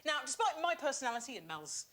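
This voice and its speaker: A woman's voice: high voice, very animated. A woman co-hosting a chat show, joking and self-mocking with guests and a studio audience. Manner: self-mocking, playful, quick jokes. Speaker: co-host of a daytime chat show. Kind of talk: comic banter and audience chat. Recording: audience and crowd noise behind.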